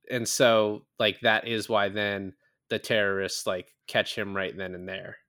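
A man's voice: on the low side, fairly even intonation, measured pace, a bit bright. A man co-hosting a podcast, casually recapping a film with lots of fillers and acted-out quotes. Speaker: podcast co-host. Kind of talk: casual movie-review chat.

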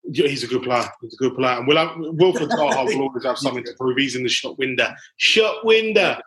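A man from England hosts a casual football podcast, chatting, laughing and joking, ending phrases with "mate" and "chaps" as he addresses his guests. He talks fast at medium pitch with a steady, somewhat bright tone, and the recording is low quality.

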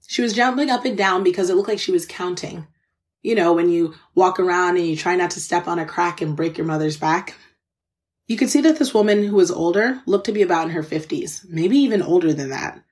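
A woman's voice: fairly low pitch, a little fast, darkish tone. A woman hosting a podcast, telling a personal story in an earnest, candid, conversational way, speaking straight to her listeners and openly moved by what she recalls. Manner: faith-filled, conversational, addresses listeners directly. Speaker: podcast host.

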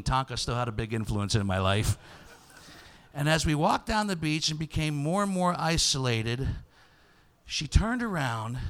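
A man hosting a podcast, telling a comic story in a loud, animated way that breaks into shouts. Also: fairly high pitch. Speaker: podcast host.

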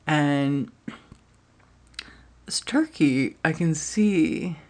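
A woman hosting a podcast, telling a comedic personal story with lots of swearing, dropping into hushed asides and jumping to loud bursts. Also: sits low. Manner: profane, dramatic, swings between hushed asides and loud bursts. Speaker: podcast host.

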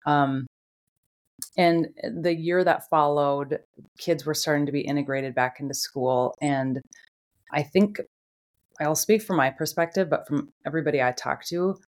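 Low-voiced woman telling a casual story. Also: measured pace. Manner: animated, laughs while telling stories. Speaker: podcast host.

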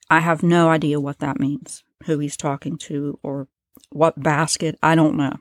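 A woman's voice: low voice, level tone, unhurried, dry recording, clean studio sound. A woman hosting a true-crime podcast, talking casually as she explains events and reads from a transcript. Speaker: podcast host.

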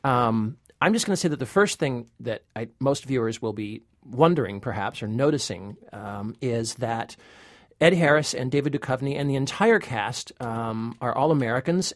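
A man's voice: mid-range voice, expressive, normal speed, no echo, studio quality. A man co-hosting a movie review podcast as the critic, chatting casually and joking, laughing often.

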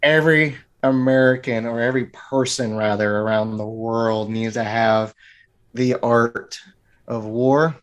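A martial arts teacher appears as a podcast guest, chatting in a loose, joking, rambling way with many restarts in casual interview talk. He has a medium-pitched voice with fairly even intonation and a measured pace, and the sound is lo-fi.

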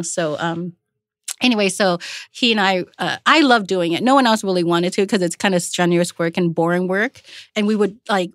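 A Vietnamese woman who is a chef and restaurant owner tells stories in a casual interview, her voice fairly low. She acts out quotes in a lively, anecdotal way and swears casually, captured in a dry, studio-quality recording.

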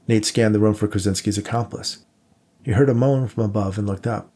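Male audiobook narrator, husky and gravelly, measured reading. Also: lowish voice, steady tone, darkish tone. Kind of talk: scripted narration.

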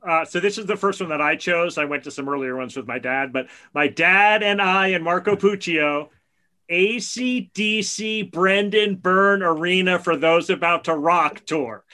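Middle-aged guy chatting excitedly on a podcast, kinda high and bright. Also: normal speed. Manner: enthusiastic storyteller. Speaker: podcast co-host. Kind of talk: casual chat.

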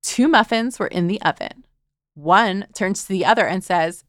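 A woman's voice: mid-range voice, moderate pace, a bit bright, no room sound, clean studio sound. A woman hosting a children's show, narrating in a playful, jokey, teacherly way. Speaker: kids' show host. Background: background music.

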